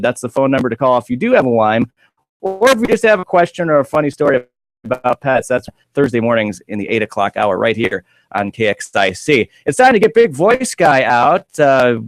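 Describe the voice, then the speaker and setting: A man's voice: a little high, no echo. A man hosting a call-in pet radio show, chatting in an upbeat, easy way. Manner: upbeat, repeats the phone number, easy banter. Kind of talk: casual radio chat.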